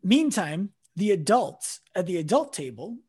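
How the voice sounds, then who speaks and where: A man with a raspy voice, a chiropractor guest on an interview podcast, explaining his views earnestly with examples. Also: high voice, big pitch swings, a little slow, a little mellow. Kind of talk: conversational interview answers.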